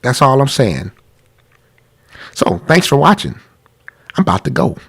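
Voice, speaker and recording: A man's voice: mid-range voice, big pitch swings, a little slow, vocal fry, breathy edge. A man hosting a live-streamed talk about money, congested from a cold, earnest and pleading, repeating himself. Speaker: podcast host.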